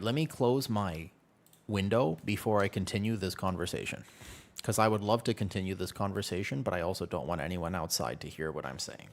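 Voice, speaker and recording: A young man streaming a video game, joking and chatting with his viewers in a casual, animated way. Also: deep voice. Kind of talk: casual gaming stream chat.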